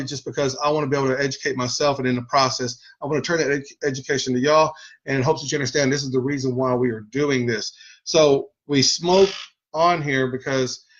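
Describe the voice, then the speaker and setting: A man from Texas hosting a cannabis channel, talking in an earnest, rambling way and swearing casually. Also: mid-range voice. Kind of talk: casual chat. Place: home video studio. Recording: slightly dull lo-fi sound.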